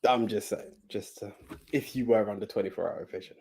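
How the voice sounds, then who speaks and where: A man's voice: lowish voice, steady tone, fairly quick, creaky, a little mellow. A man co-hosting a casual podcast, laid back and agreeable, chiming in with short replies. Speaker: podcast co-host.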